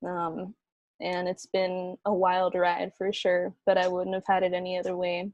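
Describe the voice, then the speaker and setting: Woman facilitator, unhurried, soft with lots of ums, dry close sound, video call. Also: lowish voice, monotone, dry recording, highs cut off. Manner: soft, slow, many fillers. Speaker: program facilitator. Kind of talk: closing remarks and guided breathing.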